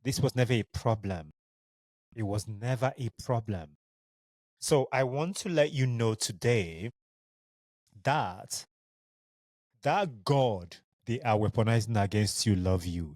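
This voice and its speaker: A man's voice: fairly low pitch, lively intonation, takes it slowly, pauses often, a little mellow, no room sound. A man with a Nigerian accent, a native Igbo speaker, hosting a solo podcast in an earnest, heartfelt way and speaking tenderly to his listeners. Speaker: podcast host.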